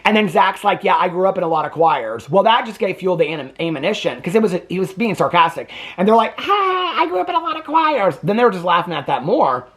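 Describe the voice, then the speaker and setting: A man's voice: sits high, expressive, fast, few pauses. A man hosting a reality TV reaction video, ranting indignantly and swearing freely in casual commentary. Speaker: TV reaction host.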